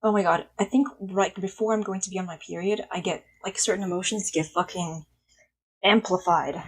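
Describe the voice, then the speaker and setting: A woman's voice: on the low side, steady tone, moderate pace, husky, rough recording. Blunt, cursing young woman streamer. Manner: blunt, swears freely, drifts between loud and hushed. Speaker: live streamer. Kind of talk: casual chat with stream chat.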